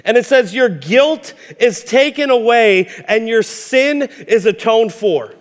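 A man's voice: very high voice, expressive, slow pace. A male pastor in his thirties preaching a sermon, impassioned and storytelling, stumbling over repeated words as he builds up. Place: church sanctuary. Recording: hall reverb.

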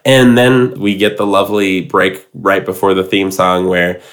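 A man's voice: low-pitched, level tone, measured pace, a bit bright. A man co-hosting a podcast, chatting casually and enthusiastically with lots of fillers. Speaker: podcast co-host. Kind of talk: casual recap chat.

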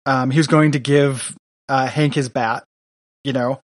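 A man's voice: medium pitch, steady tone, unhurried, no echo, clean studio sound. A man co-hosting a podcast, chatting casually about a comic book, rambling with lots of fillers and reading out lines. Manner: rambling, many fillers, reads villain lines aloud. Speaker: podcast co-host.

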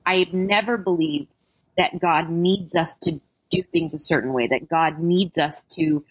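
A woman's voice: fairly low pitch, a little slow, slightly rough, no echo. A woman being interviewed, talking casually and animatedly with self-deprecating asides. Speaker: interview guest.

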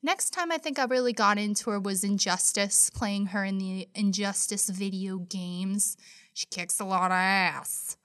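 A woman in her thirties presenting a casual podcast segment, chatty and enthusiastic with bursts of excitement. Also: mid-range voice, measured pace, clear, resonant tone, no room sound, clean studio sound. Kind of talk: casual monologue.

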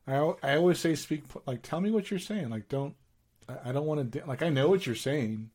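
A middle-aged man co-hosting a casual podcast chat, telling lively stories with slang and laughter. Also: a little high, a little fast, breathy edge. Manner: animated storytelling with laughs and slang. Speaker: podcast co-host.

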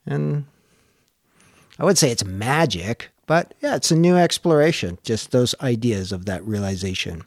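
A man's voice: medium pitch, expressive, unhurried, no room sound. Reflective man in dry, casual chat. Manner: reflective, searching, swears casually.

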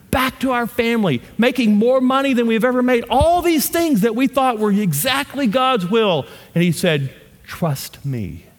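A man preaching a sermon and telling a story, moving between loud, animated bursts and hushed asides. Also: very high voice, long reverb tail. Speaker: pastor.

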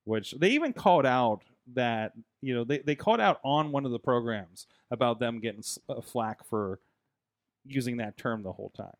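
A man's voice: mid-range voice, lively intonation, moderate pace, dry recording, clean studio sound. A man hosting a casual wrestling talk show, speaking hesitantly and prompting his guests with questions. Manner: hesitant, many fillers and restarts, asks prompting questions. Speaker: podcast host. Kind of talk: casual chat.

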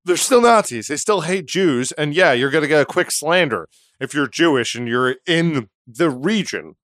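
A man's voice: on the high side, moderate pace, no room sound, studio quality. A man hosting a comedy podcast, casually telling a history story and acting out the characters in it. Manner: animated, acts out characters in the story.

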